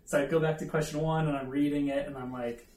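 A man's voice: on the high side, steady tone, quick pace, darkish tone. A man preaching a conversational sermon, telling a self-deprecating story with asides to the audience. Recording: echoey room, mic at a distance.

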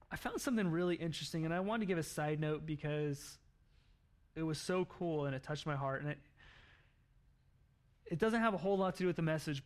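A man preaching a sermon, telling a story in an animated way with laughs and acted-out quotes. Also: fairly high pitch. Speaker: pastor.

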